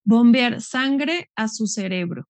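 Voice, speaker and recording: A woman reads short model phrases aloud for learners. Her delivery is slow and deliberate. Her voice is fairly high, and the sound is dry and close. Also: expressive, darkish tone, no echo.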